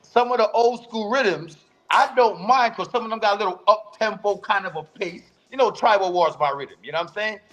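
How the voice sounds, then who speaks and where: A man co-hosting a casual talk show, laid-back and quick to laugh, gently pushing back on his co-host. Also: sits high. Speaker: podcast co-host. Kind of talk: casual chat about sound clashes.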